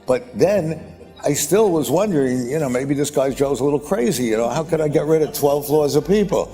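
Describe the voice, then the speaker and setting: Older guy telling a business story on stage, swears a lot, kinda rambly, low soft voice, echoey hall. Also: animated, a little fast, soft background music. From United States. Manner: rambling, blunt and profane, with repeated "boom, boom, boom". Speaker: investor speaking at a conference. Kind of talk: anecdotal storytelling. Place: conference stage.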